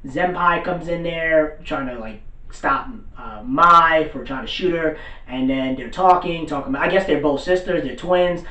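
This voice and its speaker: A man's voice: fairly high pitch, normal speed, bright, forceful tone. Slangy man recapping, roomy distant sound. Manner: loose slangy retelling, acts out characters' lines. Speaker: anime reviewer. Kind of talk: casual episode recap.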